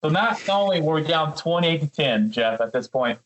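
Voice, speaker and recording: This is a man on a sports podcast, heated and ranting about a football game. His voice sits a bit high and he keeps turning to his co-host by name. He stumbles and repeats words when the anger builds. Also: expressive, normal speed, fairly bright tone, rough recording.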